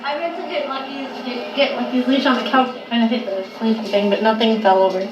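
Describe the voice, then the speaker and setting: Teasing woman off-camera, high bright pitch, dry short replies. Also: fairly even intonation, fairly quick, lo-fi sound. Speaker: family member filming. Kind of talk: casual chat. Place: home living room. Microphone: off-camera, heard through the same camera.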